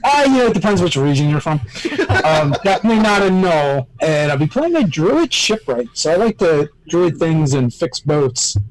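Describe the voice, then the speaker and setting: A man's voice: fairly high pitch, big pitch swings, normal speed, rough recording. Jokey upbeat man. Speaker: player.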